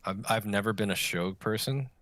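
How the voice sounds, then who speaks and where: A man's voice: lowish voice, normal speed, a bit bright. A man co-hosting a casual podcast over an online call, rambling and joking. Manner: rambling, joking, puts on silly voices. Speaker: podcast co-host. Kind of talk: casual chat.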